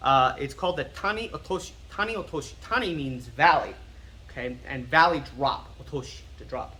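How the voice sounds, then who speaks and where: An American martial arts instructor explaining terms in a casual teaching style. He is self-confessedly nerdy and repeats words slowly to drill their pronunciation. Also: medium pitch, expressive, pushed and bright. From United States.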